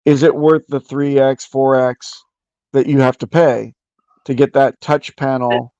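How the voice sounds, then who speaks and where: A man's voice: mid-range voice, little pitch movement, a little slow, mellow, no room sound, dull audio. A man hosting a casual voice-chat discussion, explaining his views at length with frequent restarts.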